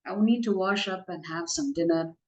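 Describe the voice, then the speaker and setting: A woman's voice: fairly low pitch, moderate pace, darkish tone, lightly acted, rough recording. A woman voicing a tired young husband who pleads to be let into his house. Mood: weary pleading. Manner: pleading, weary.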